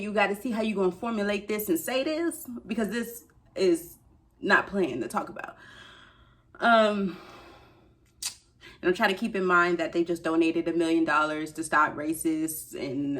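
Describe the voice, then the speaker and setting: A woman rants in a casual vlog. Her voice sits a little low, and she talks straight to her viewers with slangy, exasperated asides. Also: moderate pace, fairly bright tone. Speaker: beauty shopping vlogger.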